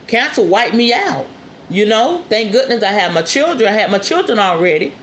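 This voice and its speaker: A woman's voice: medium pitch, sing-song, normal speed. A woman in her forties hosting a podcast, talking casually and bluntly to her listeners, emphatic and a little scolding. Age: 40s. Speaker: podcast host and spiritual herbalist. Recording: roomy echo with faint ambient noise.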